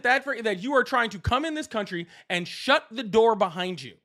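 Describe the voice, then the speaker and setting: Man, high voice, live debate host, angry, profane, berating. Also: lively intonation, normal speed, pushed and bright.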